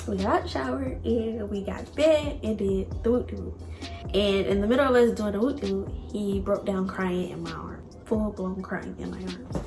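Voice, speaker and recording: A woman's voice: mid-range voice, moderate pace, roomy sound, music in the background. A young woman vlogger telling a personal love story to her viewers, candid and emotional.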